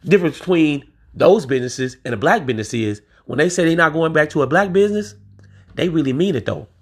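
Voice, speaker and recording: A man's voice: a little high, lively intonation, a little fast, slightly rough. A man from the United States ranting on his own podcast, emphatic and profane, using street slang and talking straight to his listeners. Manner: emphatic and profane, swears freely. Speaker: podcast host. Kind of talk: solo podcast rant.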